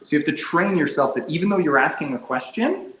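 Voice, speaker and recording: A man running a casual sales training session, energetic and quick to demonstrate phone scripts in an exaggerated tone. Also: fairly high pitch. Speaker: real estate sales trainer. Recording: echoey room, faint background hum.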